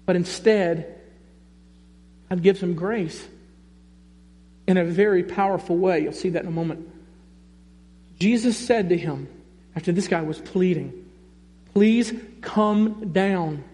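A male pastor with a high voice preaches slowly and emphatically, repeating his main points. His talk is loose and conversational. A long reverb rings around him, as in a church sanctuary. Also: mellow. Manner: emphatic, repeats key phrases, conversational asides. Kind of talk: sermon. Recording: long reverb in a large hall.

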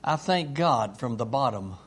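A man hosting a casual chat at home, talking haltingly and tenderly with many pauses and fillers. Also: mid-range voice, expressive, breathy edge.

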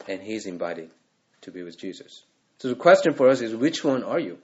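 A man's voice: on the low side, sing-song, a little fast, darkish tone, dull audio. Earnest male pastor preaching in conversational style. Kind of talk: sermon.

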